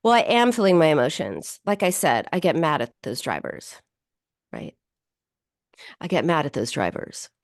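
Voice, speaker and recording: A woman therapist quoting her client, a frustrated woman speaking about her feelings in a flat, matter-of-fact way. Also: sits high, normal speed, hardly any pauses, no echo, studio quality, pitched above the performer's own voice.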